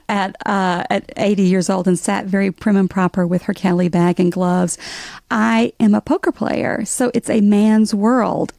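A middle-aged woman with a Southern drawl, talking as an interview guest with a wry, storytelling humor. Her voice is gravelly and mellow, recorded dry and close. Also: medium pitch, no room sound. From Alabama, US South. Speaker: author guest. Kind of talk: interview conversation.

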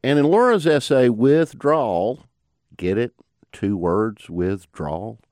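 A man with a Southern mountain twang, hosting and narrating a scripted program in a measured, folksy way. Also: mid-range voice, wildly swooping pitch, a little mellow, no echo. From American South. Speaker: host.

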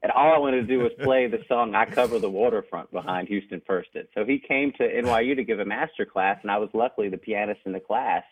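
A man's voice: lowish voice, quick pace, hardly any pauses. A young man, a jazz pianist and radio guest, telling stories eagerly and laughing often between anecdotes. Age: young adult. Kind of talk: storytelling in a radio interview. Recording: narrow phone-line sound.

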